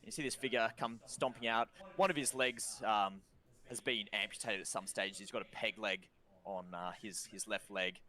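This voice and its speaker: An Australian man narrating a tabletop game as game master, describing scenes in a relaxed way with many ums. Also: on the low side, normal speed.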